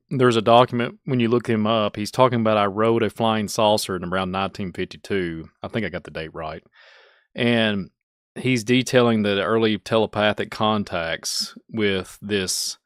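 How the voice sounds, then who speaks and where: A man's voice: fairly low pitch, smooth, dry recording. Kentucky-accented male host, rambling rant, dry close sound. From Kentucky, USA. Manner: rambling, self-mocking, laughing asides. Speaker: channel host. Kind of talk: casual ranting commentary.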